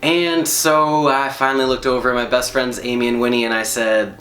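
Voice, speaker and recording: A man telling a personal story to an audience in an animated, comic way, leaning on emphatic repetitions. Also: mid-range voice, moderate pace, few pauses. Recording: echoey room.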